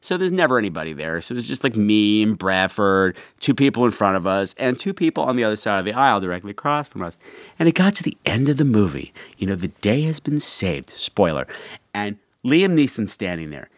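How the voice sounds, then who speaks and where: Animated chatty man hosting a podcast. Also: fairly low pitch, fairly quick, no echo. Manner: chatty, animated storytelling with campy asides. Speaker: podcast host. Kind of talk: casual chat.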